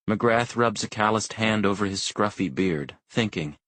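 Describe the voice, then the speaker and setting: A man reading a thriller audiobook in calm, measured first-person narration. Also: lowish voice, no echo. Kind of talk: scripted narration.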